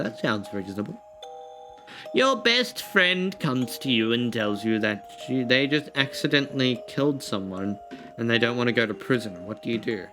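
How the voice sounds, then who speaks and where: A man streaming casually, reading quiz questions aloud and thinking out loud in a rambling, often laughing way. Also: medium pitch, animated, normal speed, over music.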